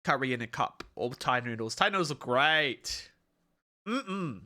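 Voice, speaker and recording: A man's voice: medium pitch, animated, unhurried, pushed and bright. A young man chatting on a live stream, swearing freely, ranting and slipping into mock-heroic storytelling. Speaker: livestreamer. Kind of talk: casual live-stream chat.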